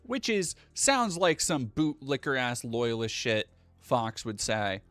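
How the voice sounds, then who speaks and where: A man from New England talks through a live stream, swearing freely as he rants. His pitch leaps and swoops as he gets worked up. Faint music sits under his voice. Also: sing-song, slow, fairly bright tone, no echo. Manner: profane, heated, ranting.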